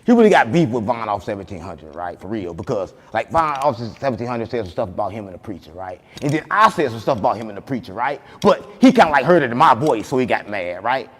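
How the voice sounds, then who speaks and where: A man hosting a podcast, boasting in animated banter and repeating catchphrases, loud one moment and soft the next. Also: fairly low pitch, quick pace, few pauses, in a large hall. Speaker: podcast host.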